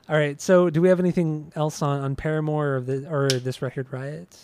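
A man's voice: fairly high pitch, fairly even intonation, moderate pace, a little mellow, slight background noise. A man hosting a podcast in casual chat, teasing his co-host and laughing easily. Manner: easygoing, teasing, laughs often.

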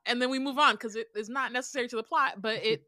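A woman's voice: a little high, fast talker, sharp tone, no room sound, studio quality. A woman co-hosting a book podcast, chatting casually with many fillers and reading passages aloud. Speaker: podcast co-host.

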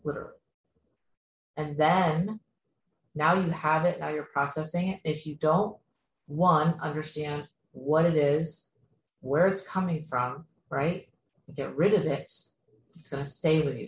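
A woman giving an earnest spiritual teaching talk, speaking straight to the listener and often checking in with "okay?". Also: low voice. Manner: earnest, repetitive, addresses listener directly with frequent "okay?". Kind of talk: instructional talk to camera. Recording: echoey room with faint ambient noise.

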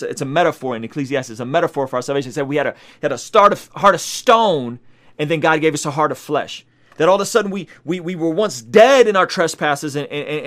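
A man's voice: high-pitched, sharp tone. A man hosting a Christian video, preaching emphatically and repeating his key points. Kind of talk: preaching commentary.

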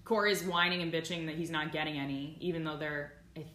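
A woman in her twenties co-hosting a podcast, chatting casually in an excitable, exclamatory way. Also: deep voice, brisk, echoey room. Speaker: podcast co-host. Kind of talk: casual chat.

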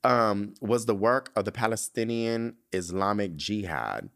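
A man's voice: on the low side, measured pace, fairly bright tone, clear, resonant tone. A young man hosting a podcast, reading news headlines aloud and riffing on them in a sassy, campy way. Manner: sassy, campy, reads headlines then riffs with side comments. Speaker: podcast host. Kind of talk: casual solo commentary on celebrity news.

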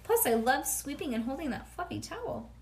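An excitable little girl brags and chatters in a high, lifted voice, as a woman reading a storybook aloud puts her on. She rushes her lines with eager, bossy pride. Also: gravelly, heavily acted. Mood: boastful. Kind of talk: bedtime read-aloud.

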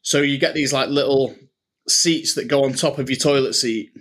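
A man's voice: mid-range voice, fairly even intonation, moderate pace, fairly bright tone, slightly rough. A man, co-hosting a casual podcast chat and telling stories with laughs, calling his co-host mate. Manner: chatty, laughing storyteller, says "mate" a lot.

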